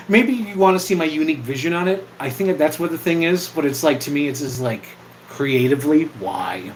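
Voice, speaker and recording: A man's voice: fairly high pitch, slight background noise, rough recording. A man chatting casually on an impromptu livestream, rambling, swearing now and then, and reacting to viewer comments. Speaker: live streamer and video maker.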